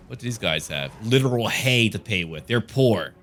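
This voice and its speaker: A man's voice: on the low side, big pitch swings, moderate pace, a bit bright, slight background noise. A man giving gameplay commentary as a gaming channel host, with dry, joking asides.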